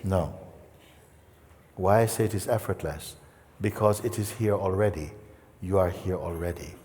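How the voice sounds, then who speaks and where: Man, spiritual teacher, low voice, gentle playful talk, long hall echo. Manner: gentle, playful, with long pauses and soft asides. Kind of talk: satsang talk.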